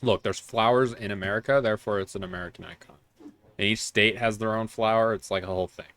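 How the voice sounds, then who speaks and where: A male game streamer with a somewhat low voice talks through his play in loose, casual commentary. He rambles, trails off and makes fun of himself in a jokey way. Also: fairly even intonation, quick pace, fairly bright tone. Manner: rambling, self-mocking, jokey.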